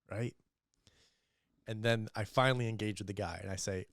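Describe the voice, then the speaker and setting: A young man telling animated, profane sales stories as a guest in a casual podcast interview, acting out the people he quotes. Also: fairly low pitch, a little fast, no echo, studio quality. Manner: animated, profane storyteller who acts out quoted voices. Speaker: entrepreneur guest.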